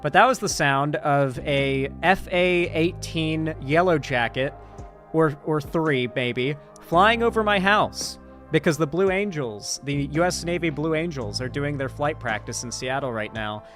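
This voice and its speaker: A man's voice: a little high, a little slow, a bit bright. Male streamer, sore-throated, rambling and profane, light music bed. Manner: rambling, profane, sarcastic asides. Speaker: political commentary streamer. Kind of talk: casual live-stream commentary.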